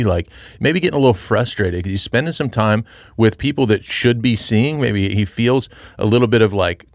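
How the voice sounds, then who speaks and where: Earnest middle-aged man, lowish pitch, restarts often; casual faith talk, dry booth sound. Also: dry recording. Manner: earnest, halting, with many restarts and fillers. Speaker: podcast co-host and Christian father. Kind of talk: casual Bible discussion.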